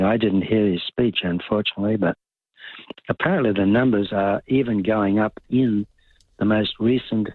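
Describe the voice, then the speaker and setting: A man's voice: lowish voice, no echo. An older Australian man calling in to talkback radio, blunt and opinionated, rambling as he goes. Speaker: caller. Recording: tinny phone line.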